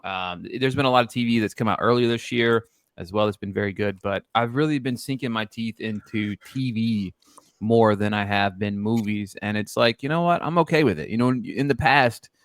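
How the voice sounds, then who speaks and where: A man's voice: fairly low pitch, moderate pace, no room sound, studio quality. A man hosting a podcast in casual chat, rambling and repeating himself. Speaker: podcast host.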